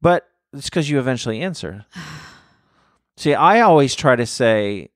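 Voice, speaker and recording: A man's voice: mid-range voice, expressive, unhurried. A man in his thirties chats on a podcast in an easygoing, rambling way, laughing often at his co-host. His voice sits in an ordinary middle register. The sound is close and dry, with no room echo. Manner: laughs easily, rambling and reflective. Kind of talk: casual chat.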